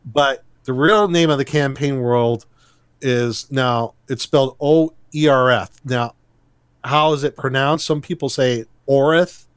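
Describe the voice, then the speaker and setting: A man's voice: medium pitch, measured pace, clean tone, no echo, clean studio sound. A man co-hosting a podcast, chatting casually about a tabletop game setting, rambling with frequent restarts and easy laughs. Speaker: podcast co-host.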